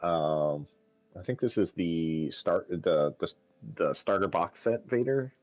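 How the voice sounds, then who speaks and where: A man with a very low voice co-commentates a tabletop game, relaxed and hesitant. His voice comes through a dry, slightly dull lo-fi voice call. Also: dry recording. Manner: laid-back, halting with many uhs. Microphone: voice call mic.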